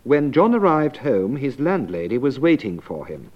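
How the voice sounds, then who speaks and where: Measured male lesson narrator. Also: medium pitch, very animated. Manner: clear, measured teacher delivery. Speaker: language course narrator and teacher. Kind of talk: scripted narration and explanation. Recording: dull lo-fi old tape.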